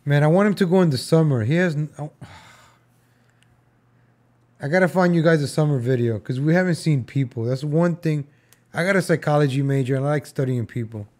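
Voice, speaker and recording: A man's voice: fairly high pitch, a little fast, darkish tone. Joking young man reacting to old footage. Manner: joking, rambling, talks to viewers as folks and guys. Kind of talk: casual reaction commentary.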